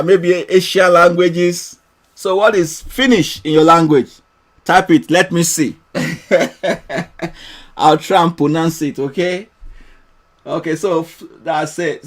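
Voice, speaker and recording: Host: high-voiced man, unhurried, chatty and playful live teacher who laughs a lot. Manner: chatty and playful, laughs often, reads out viewer comments. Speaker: trading mentor hosting a live session. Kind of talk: casual live-stream teaching.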